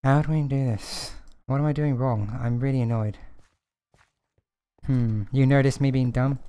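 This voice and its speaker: A man's voice: mid-range voice, steady tone, unhurried, darkish tone, faint music behind. A man streaming a game, chatting to himself and his viewers in a casual, self-deprecating way. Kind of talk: casual gameplay commentary.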